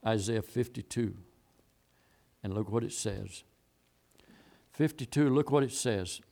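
Preaching slowly in a fairly low, warm voice with vocal fry, a man quotes scripture throughout his sermon. He drives his points home emphatically, repeating them again and again.

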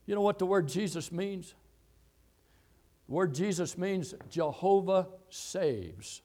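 A man preaching a sermon, quoting scripture and repeating phrases, swinging between loud, high exhortation and low, quiet telling. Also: animated, slow pace. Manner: reads and quotes scripture verses.

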